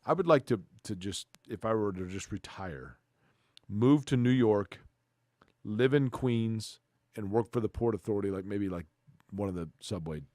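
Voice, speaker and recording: A man co-hosting a casual sports talk show who tells animated anecdotes and asks playful questions. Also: lowish voice, moderate pace, no room sound, clean studio sound. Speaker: co-host.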